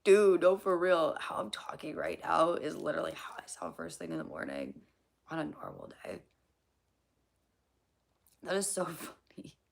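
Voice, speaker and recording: A young woman hosting a casual livestream, hoarse from losing her voice, rambling, swearing and laughing at her own jokes as she answers chat. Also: low-pitched, big pitch swings, moderate pace, pauses often.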